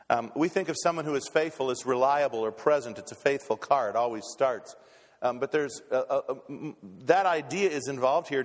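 A man preaching a sermon as pastor, folksy and stumbling on repeated words as he restarts. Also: mid-range voice. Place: church sanctuary. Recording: long reverb in a church hall.

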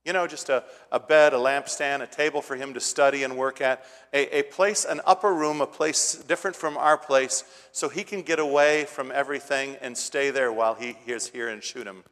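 A male preacher retells a scripture story in plain, conversational language, stopping now and then to restart a phrase. His voice sits at an ordinary pitch and climbs with force when he drives home a point. The sound carries a long reverb, as in a large hall. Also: fairly even intonation, moderate pace, few pauses, fairly bright tone. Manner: retells scripture casually, rising to emphatic peaks. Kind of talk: sermon storytelling.

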